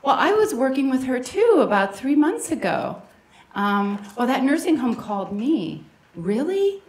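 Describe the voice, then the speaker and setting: A woman's voice: sits high, big pitch swings, measured pace, darkish tone. A woman moderating a conference session and speaking informally and conversationally. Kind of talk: conference remarks. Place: conference room. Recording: echoey conference room.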